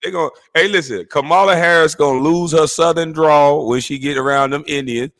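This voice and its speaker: A man's voice: fairly high pitch, fairly quick, no room sound. A man hosting a casual podcast chat, swearing a lot and breaking into laughter as he talks. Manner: profane, animated, laughing. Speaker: host.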